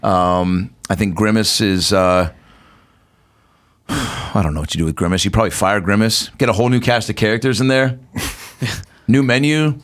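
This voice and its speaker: A man's voice: on the low side, unhurried, pauses often. A male comedian guest on a podcast, riffing loosely through absurd bits with lots of fillers. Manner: riffing, rambling with fillers and jokes. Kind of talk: casual comedic chat.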